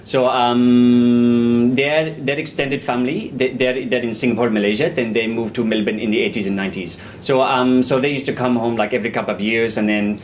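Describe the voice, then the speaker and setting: A man's voice: mid-range voice, steady tone, fairly quick, a little hiss or hum, close to an everyday voice. An actor playing a reminiscing man from India, rambling with many ums and restarts on a small live stage. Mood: nostalgic. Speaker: stage actor in verbatim theatre.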